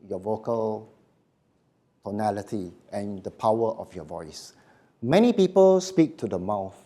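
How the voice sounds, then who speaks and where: A man's voice: mid-range voice, warm tone. A middle-aged man giving a live voice workshop in short, emphatic phrases, often checking in with the audience. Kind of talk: live seminar lecture.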